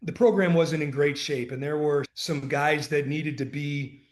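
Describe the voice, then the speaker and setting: Male guest, retired coach; earnest storyteller, slightly high pitch, echoey room. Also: measured pace. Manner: earnest, animated anecdotes, acts out dialogue. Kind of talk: conversational storytelling.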